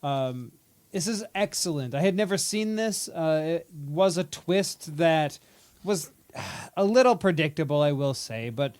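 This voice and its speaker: A man's voice: a little high, expressive, unhurried, a little mellow. A man co-hosting a casual movie podcast, summarizing a film and joking around. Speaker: podcast co-host. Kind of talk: casual movie review chat.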